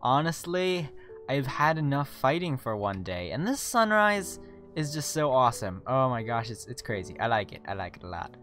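A gaming video host chatting through a let's-play, excitable and rambling with restarts, tired. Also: medium pitch, moderate pace, faint music behind. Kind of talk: casual let's-play commentary.

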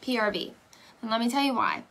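Young woman, team leader, live-stream pep talk; bright, slightly high voice, emphatic and repetitive. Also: animated, fairly quick. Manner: emphatic, repeats "okay?" and "right?". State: tearing up. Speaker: direct sales team leader.

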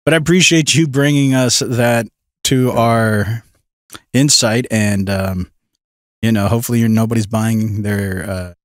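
A man's voice: fairly low pitch, fairly even intonation, measured pace, no echo, studio quality. A man co-hosting a podcast in casual chat, skeptical and wry. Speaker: podcast co-host.

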